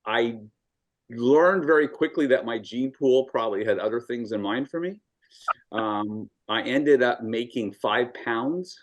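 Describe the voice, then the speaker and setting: A man in his sixties from Southern California, a guest telling stories in a measured, thoughtful way with frequent ums. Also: medium pitch. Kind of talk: casual video-call conversation.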